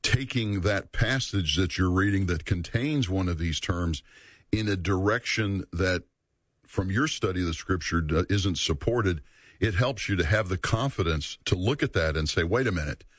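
Deep-voiced earnest man teaching scripture. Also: dry recording. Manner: earnest, measured, repeats for emphasis. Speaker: Bible teacher. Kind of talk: teaching a Bible study series.

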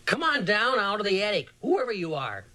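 A man's voice: sits high, very animated, normal speed, fairly bright tone, voice pushed up, full character voice. A man voicing a bossy boy from a kids' gang who barks orders. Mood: commanding. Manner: barking orders.

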